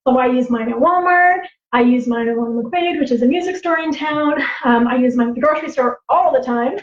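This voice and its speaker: A woman storyteller and teacher on a livestream, animated and laughing, acting out voices as she tells stories. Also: sits high, a little fast. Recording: roomy, slightly dull livestream audio.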